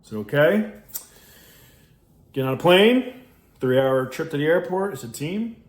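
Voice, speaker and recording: A man from New York hosts a reflective podcast in a blunt, salty way, laughing often and reading passages aloud between his own remarks. His pitch swings widely as he talks. The room around him rings with echo. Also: expressive, unhurried. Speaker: podcast host. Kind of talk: reflective casual monologue with read passages. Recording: roomy echo.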